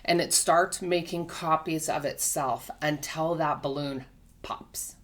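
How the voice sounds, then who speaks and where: A woman's voice: sits low, fairly even intonation, slow, a bit bright. A woman teaching a casual health lesson. She explains patiently with everyday comparisons and often checks in with "okay?". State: has the hiccups. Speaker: health educator.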